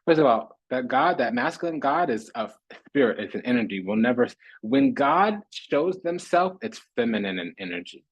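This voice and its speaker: A man's voice: medium pitch, animated, moderate pace, few pauses, slightly rough, no room sound, poor audio. A man giving a spiritual tarot reading monologue, preaching in repetitive, rhythmic lists. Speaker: tarot reader.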